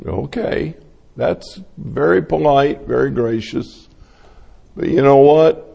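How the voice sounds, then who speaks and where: Slow-preaching man in a reverberant hall. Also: mid-range voice, vocal fry, warm tone, dull audio. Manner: slow, storytelling delivery acting out quoted voices. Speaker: pastor. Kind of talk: sermon.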